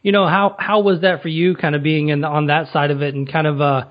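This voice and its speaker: A man's voice: fairly high pitch, little pitch movement, a little fast. Rambling male podcast host, dull audio. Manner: rambling, loose questions padded with fillers. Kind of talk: casual interview.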